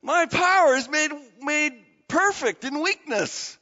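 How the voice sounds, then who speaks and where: A preacher voicing God, calm and reassuring. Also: male voice, very high voice, takes it slowly, in a large hall, muffled recording, voice pushed up, heavily acted. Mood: solemn. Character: God speaking gently and reassuringly to a man.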